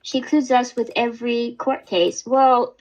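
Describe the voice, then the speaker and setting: A woman's voice: on the high side, normal speed, darkish tone, rough recording. A woman hosting a casual livestream chat, rambling and swearing, with lots of fillers and restarts. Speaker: livestream host.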